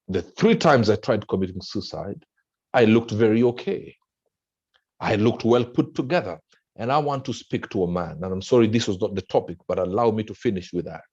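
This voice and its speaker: Impassioned low-voiced Kenyan man speaking to a crowd. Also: darkish tone, breathy edge. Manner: impassioned, preacher-like, with sweeping swings in pitch. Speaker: motivational speaker. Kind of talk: motivational speech to an audience. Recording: dull lo-fi sound.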